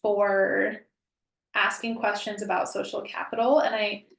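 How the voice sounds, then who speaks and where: Brief: woman webinar presenter, casual and hedging, some vocal fry, echoey room, distant mic. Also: medium pitch, flat delivery, unhurried, fairly bright tone. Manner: conversational, frequent ums and hedging.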